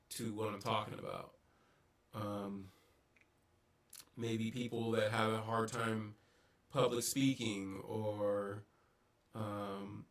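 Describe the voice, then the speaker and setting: A man with a lowish, gravelly voice talks through his thoughts in a casual vlog. He hesitates often, filling gaps with ums and starting sentences over. The audio is poor, as if the mic sits some distance away. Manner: halting, many ums and restarts. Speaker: vlogger. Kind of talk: casual reflective monologue.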